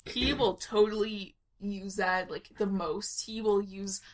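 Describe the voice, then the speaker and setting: A woman's voice: medium pitch, steady tone, slow. A woman on a tabletop game podcast, talking casually and at length about her character, with frequent giggles. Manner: rambling and giggly, explains at length. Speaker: player introducing her character.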